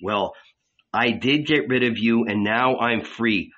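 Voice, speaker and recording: A man's voice: medium pitch, slow, a bit bright. A man voicing a fiery male apostle breaking free, declaiming defiantly in a dull lo-fi recording. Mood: triumphant.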